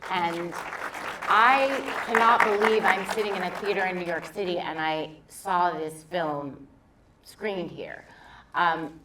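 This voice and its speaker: A woman's voice: on the low side, slow, echoey room, far from the mic, crowd noise, noisy background. A woman in her fifties speaking candidly and emphatically as a panelist at a live theater discussion. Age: 50s. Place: theater in a large city.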